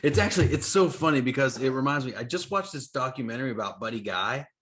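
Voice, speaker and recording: An easygoing man co-hosting a podcast, chatting casually about comics. His delivery is loose and conversational. His voice sits at an ordinary middle pitch. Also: lively intonation, fast talker, a bit bright. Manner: easygoing, chatty, laughs often. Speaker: podcast co-host.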